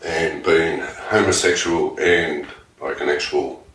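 Crude, deep-voiced Australian man. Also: fairly even intonation, slow, a bit bright. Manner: swearing, laughing, acting out voices. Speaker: podcast host. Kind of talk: crude comic storytelling. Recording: echoey room, distant mic, faint noise.

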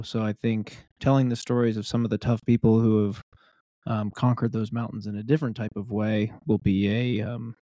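A man's voice: fairly low pitch, warm tone, dry recording, clean studio sound. A man co-hosting a podcast, telling stories in a rambling casual way with many fillers. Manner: rambling storyteller, many ums. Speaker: podcast co-host.

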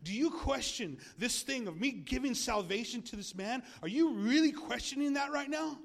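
A pastor voicing Jesus as a calm man challenging doubters, asking insistent, probing questions. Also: extremely high pitch, moderate pace, gravelly, voice pushed up, heavily acted.

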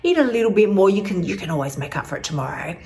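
A sultry inner voice, put on by a woman, coaxes and guilt-trips in a soft, whispery purr. It swings through a wide, lively pitch range, sliding from low murmurs up to bright squeals. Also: fast, natural voice. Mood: coaxing. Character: sultry wheedling inner voice urging overeating.

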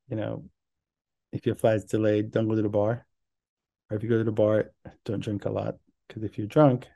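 Man, podcast host, casual solo talk, rambling, lots of fillers, warm low-key tone. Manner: rambling, many fillers and restarts; acts out quoted voices in an anecdote.

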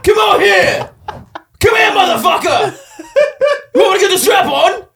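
A man voicing an angry, swaggering British talking body part in a put-on British accent, taunting and shouting. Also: extremely high pitch, animated, unhurried, gravelly, echoey room, far from the mic, slight background noise, voice pushed up, full character voice. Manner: shouty, hyper-aggressive taunting.

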